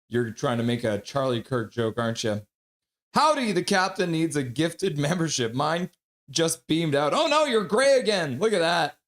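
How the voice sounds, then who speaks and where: A middle-aged man hosts a casual hockey pregame stream. He chats with an upbeat, friendly manner as he greets viewers one by one. His voice sits a little higher than most men's. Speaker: livestream host reading chat.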